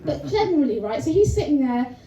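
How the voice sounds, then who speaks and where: A woman's voice: sits high, very animated, a little fast, mellow. A woman performing a chatty, self-mocking stand-up comedy set on a club stage. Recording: roomy venue sound, from a distance.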